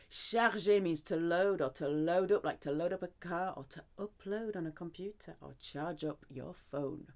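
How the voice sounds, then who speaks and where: Lively woman teaching vocabulary. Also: medium pitch. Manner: lively, sing-song delivery that repeats French words. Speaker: French teacher. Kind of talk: language lesson.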